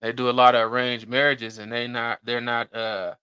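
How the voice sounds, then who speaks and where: A man's voice: mid-range voice, little pitch movement, normal speed, sharp tone, clear, resonant tone, no echo. A man hosting a casual podcast, talking loosely and rambling in slang with lots of fillers. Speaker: podcast host.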